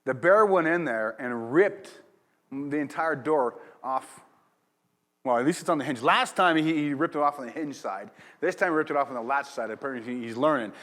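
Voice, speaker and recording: A man's voice: mid-range voice, moderate pace, a bit bright. A pastor giving a sermon, telling a rambling personal story in a casual, chatty way and laughing along as he goes. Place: church.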